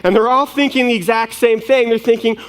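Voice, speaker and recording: A young man preaching a sermon, telling a story in a casual, self-deprecating way with quick asides. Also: very high-pitched, steady tone. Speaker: pastor. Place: large church hall. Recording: long hall reverb.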